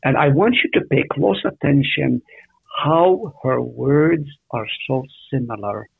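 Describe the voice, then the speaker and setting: A man with a gravelly, husky voice leads a Bible study at an unhurried pace. He keeps asking his listeners questions. The sound is thin and phone-like. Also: mid-range voice, dry recording. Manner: animated, asks the listeners questions. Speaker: Bible teacher. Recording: tinny phone-like radio audio.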